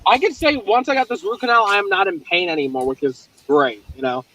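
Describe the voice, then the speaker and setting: A young man chatting casually on a livestream call, telling stories in an animated way and laughing often. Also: sits high, a little fast, low-quality recording. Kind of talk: casual chat.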